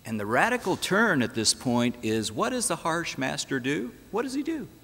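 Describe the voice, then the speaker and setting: A man with a fairly high, bright, sing-song voice preaches at a moderate pace. As pastor in an echoey church sanctuary, he recounts the story with drama and throws out rhetorical questions.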